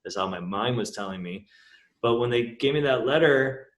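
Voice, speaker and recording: A man's voice: mid-range voice, normal speed. Guy on a podcast telling his story real candid, swears a lot, mid voice, echoey room. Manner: frank and emotional, swears casually, restarts sentences. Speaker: entrepreneur guest on a podcast. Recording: roomy echo.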